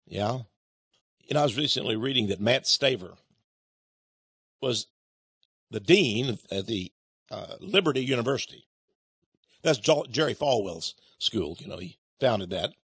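A man rants on his radio program in a sarcastic, mocking way. His voice sits high and leaps all over the place, jumping from loud jabs down to low grumbles. The sound is dry, with no room around it. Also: very animated, moderate pace, pauses often, husky, no echo. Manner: mocking, sarcastic, swings between loud outbursts and low mutters. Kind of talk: ranting radio commentary.

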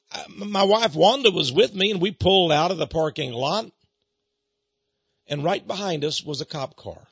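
Middle-aged man, emphatic storytelling lecture, gravelly, husky, dull dry recording. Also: on the high side, no echo. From Austin, Texas. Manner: animated, emphatic, with dramatic pauses. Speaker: speaker on Freemasonry.

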